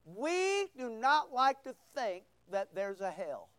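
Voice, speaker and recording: A man's voice: very high-pitched, slow pace, clear, resonant tone, no echo. A man preaching a sermon, reading scripture and acting out voices as he goes. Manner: animated preaching, acts out quoted voices. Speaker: pastor.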